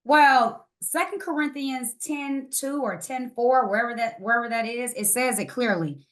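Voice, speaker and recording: A woman's voice: on the high side, normal speed, fairly bright tone. A woman from Louisiana, a guest author and herbalist, talking in an emphatic, preacherly way in an interview. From Louisiana, USA. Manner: emphatic, preacherly, quotes scripture. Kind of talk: conversational interview.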